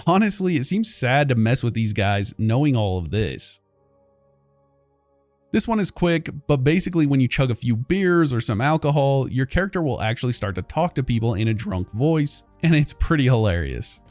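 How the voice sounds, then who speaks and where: A man's voice: medium pitch, very animated, normal speed, darkish tone, no room sound. A man reading a scripted video-essay narration in a light, conversational way. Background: background music.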